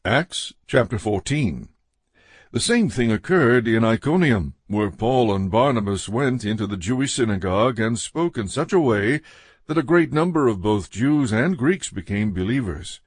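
A man giving a measured, steady reading of a Bible passage as scripted narration. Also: mid-range voice, breathy edge, no echo, clean studio sound. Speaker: scripture reader.

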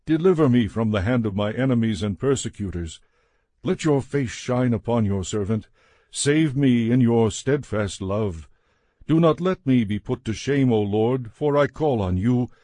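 A man reading scripture aloud in a measured, solemn way. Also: medium pitch, lively intonation, warm tone, no room sound. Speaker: scripture reader.

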